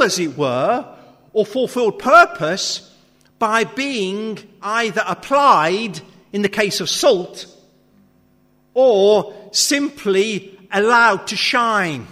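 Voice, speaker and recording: A man preaching a sermon, reading scripture and then explaining it with emphatic, measured phrasing and long dramatic pauses. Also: high-pitched, pushed and bright. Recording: long reverb of a hall.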